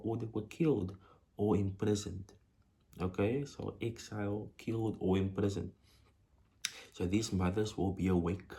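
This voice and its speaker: Male teacher, deep and even-toned, slow deliberate explanation of a poem, repeats key phrases. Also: vocal fry. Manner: repeats words and phrases for emphasis. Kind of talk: poetry lesson for exam prep.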